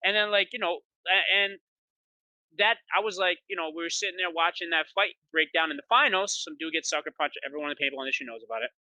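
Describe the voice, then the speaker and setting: A man, a pro paintball player, chatting as a guest in an interview, telling boastful stories quickly and excitedly, with lots of "like". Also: on the high side, no room sound, muffled recording. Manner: rapid, excited storytelling with many "like"s; boastful, trash-talking attitude. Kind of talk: animated interview chat.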